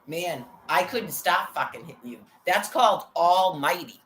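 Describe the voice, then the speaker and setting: A woman's voice: on the low side, animated, measured pace, a little hiss or hum. An older woman vlogging an angry, profanity-heavy rant, agitated and quoting what others said to her.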